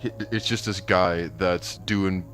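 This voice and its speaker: A man's voice: low-pitched, takes it slowly, faint music behind. A man chatting casually and retelling a show scene with lots of swearing and energy. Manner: animated storyteller, acting out characters, swearing. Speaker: podcast co-host.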